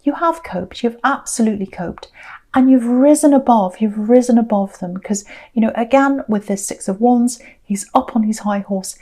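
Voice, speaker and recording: A woman's voice: a little high, normal speed, mellow. A woman giving an intuitive tarot reading, earnest and repeating her phrases for emphasis. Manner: acts out quoted people in a mocking voice. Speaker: tarot reader.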